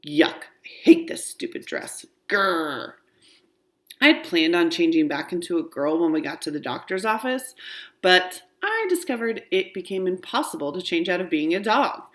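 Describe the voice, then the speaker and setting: A woman's voice: fairly low pitch, big pitch swings, fairly quick, fairly bright tone. A woman reading a children's book aloud, narrating expressively in the first person. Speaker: storybook reader.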